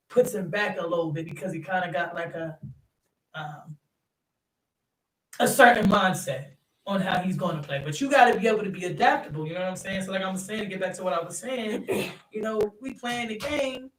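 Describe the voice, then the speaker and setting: A young man, a youth basketball coach and third-grade teacher, telling stories in an animated, chatty way, laughing often and using lots of fillers. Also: high voice, distant mic, a little hiss or hum. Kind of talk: casual interview chat. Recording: roomy sound from off-mic.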